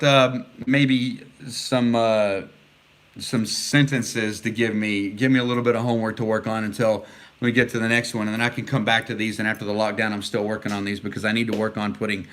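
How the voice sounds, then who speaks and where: A man's voice: medium pitch, a bit bright. Rambling middle-aged man vlogging. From Texas. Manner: rambling and earnest, with many fillers. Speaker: vlogger answering live comments. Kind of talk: casual livestream chat.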